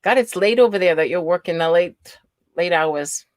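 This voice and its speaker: A woman's voice: fairly low pitch, normal speed, no room sound. New England woman hosting a livestream; chatty, laughing, very dry close mic. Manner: chatty, greets viewers by name, laughs often. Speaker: livestream host. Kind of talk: casual livestream chat.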